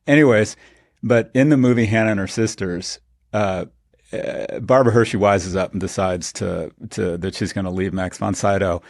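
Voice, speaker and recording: Sardonic low-voiced man podcast host. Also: steady tone, normal speed, a little mellow, dry recording, clean studio sound. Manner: storytelling, sardonic, building to indignant emphasis. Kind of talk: casual opinionated chat.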